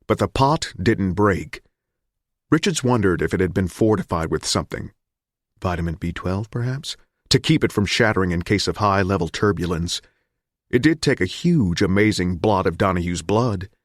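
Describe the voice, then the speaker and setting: A man reading a thriller audiobook in a measured, grim narration. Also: sits low, no echo, clean studio sound.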